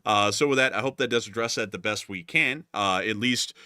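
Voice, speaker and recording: A man's voice: lowish voice, a little fast, pushed and bright, clear, resonant tone, no echo, clean studio sound. A young man from the American South with a light, mostly neutral accent, hosting a live stream in chatty, rambling talk full of fillers. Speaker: host.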